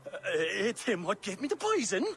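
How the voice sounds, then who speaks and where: A man's voice: high voice, wildly swooping pitch, moderate pace, creaky, fairly bright tone, faint music behind, exaggerated voice. An actor playing a panicky accused man who stammers frantically. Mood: frantic.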